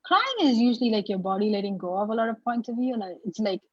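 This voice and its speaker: A fairly high, husky woman talks in lively storytelling bursts, packing her sentences with "like". She sounds dull and lo-fi, as if over a video call, with no room sound around her. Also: fast talker, no room sound. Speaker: guest. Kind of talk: casual conversation.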